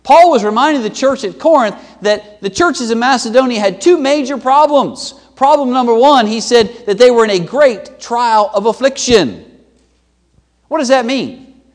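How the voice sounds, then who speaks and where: A man preaching a sermon as pastor, swinging between loud emphatic peaks and low, quiet drops. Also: animated, normal speed. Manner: emphatic preaching with sweeping pitch and loudness swings. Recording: long hall reverb.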